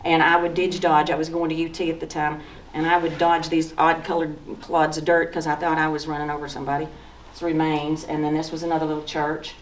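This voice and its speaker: A woman in her sixties with a Southern accent talks in a low, unhurried voice, sharing folksy memories while pointing at photos. She is recorded from across an echoey museum room, with a faint hum of background noise. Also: little pitch movement, distant mic. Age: 60s. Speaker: author giving a talk. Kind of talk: slideshow talk with personal memories.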